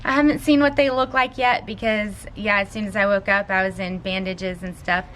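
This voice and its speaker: A woman's voice: mid-range voice, fairly even intonation, normal speed, a bit bright, slight background noise. A young woman from Oregon talking to her camera in a casual personal vlog, nervous, giggly and self-conscious. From Oregon, USA. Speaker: vlogger. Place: at home and in a car.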